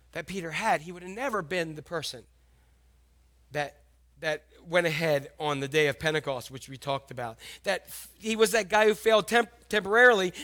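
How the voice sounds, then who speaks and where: A man preaching a sermon, animated and emphatic, repeating his key lines. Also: high-pitched. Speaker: pastor.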